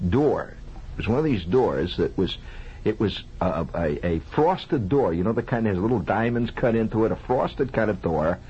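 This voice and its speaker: Speaking in a fairly low, slightly rough voice, a man improvises a humorous childhood story for radio listeners, preserved on an old lo-fi broadcast. He's lively and chatty, asking the audience questions and producing sound effects with his mouth.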